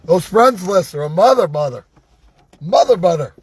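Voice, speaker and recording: Hoarse, high-voiced man ranting sarcastically. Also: expressive, normal speed, a little mellow. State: hoarse, losing his voice. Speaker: vlogger. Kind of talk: angry ranting monologue. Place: inside a vehicle.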